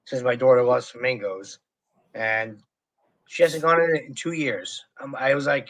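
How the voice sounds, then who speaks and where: A man's voice: mid-range voice, steady tone, moderate pace, a bit bright. A middle-aged man co-hosting a casual livestream, easygoing and reading out viewer comments. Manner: easygoing, chatty, reads viewer comments aloud. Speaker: livestream co-host.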